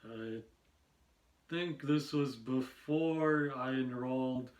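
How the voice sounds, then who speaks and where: A man rambles through an amateur stand-up set, slow and unhurried, with long pauses and lots of fillers between phrases. His voice sits at an ordinary pitch and is recorded in a noticeably echoey room. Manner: halting, meandering, with many pauses and fillers. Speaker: amateur stand-up comedian and podcast host.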